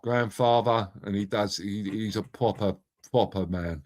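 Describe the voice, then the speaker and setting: A man's voice: fairly low pitch, measured pace, darkish tone. A middle-aged man hosting a casual live stream, chatting matily with viewers by name and swearing freely. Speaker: live stream host reading chat. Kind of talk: casual chat.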